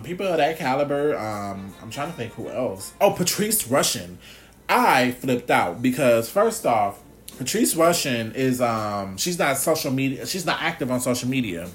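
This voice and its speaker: A man chatting casually on his vlog, animated, swearing freely and laughing often. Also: medium pitch. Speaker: blogger.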